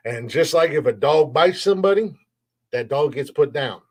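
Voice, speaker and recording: Podcast host, male, slightly raised pitch; blunt, profane, fired-up monologue full of restarts. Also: lively intonation, a little fast. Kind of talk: opinionated solo podcast rant.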